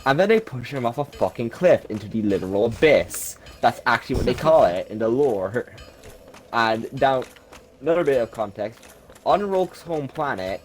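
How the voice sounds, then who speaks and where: A man's voice: mid-range voice, rough recording. Irreverent, jokey male storyteller. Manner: irreverent, jokey, swears often, many fillers. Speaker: lore video narrator. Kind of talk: casual storytelling.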